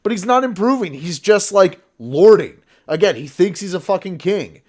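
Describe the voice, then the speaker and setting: High voiced guy ranting on stream, swears constantly, heated and fired up. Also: animated, moderate pace, a little mellow. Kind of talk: political reaction stream, ranting.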